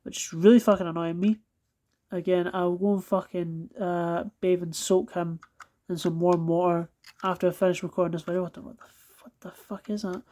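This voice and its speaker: A woman's voice: lowish voice, level tone, a little fast, dark tone. A Scottish woman filming a casual unboxing vlog at home, swearing a lot in exasperation and apologizing for it as she goes. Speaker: toy collector reviewing die-cast cars. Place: at home, indoors on a carpeted floor.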